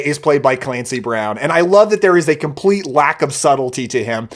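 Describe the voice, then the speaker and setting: A young man with a fairly high voice hosts a film review channel, talking casually and enthusiastically about movies he recommends, gushing in quick bursts.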